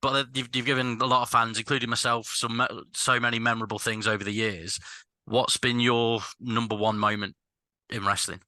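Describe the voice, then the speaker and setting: A man's voice: mid-range voice, level tone, brisk, bright, forceful tone, no room sound. A man interviewing a guest, nervous and stammering over his questions. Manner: nervous and stammering, admits being intimidated.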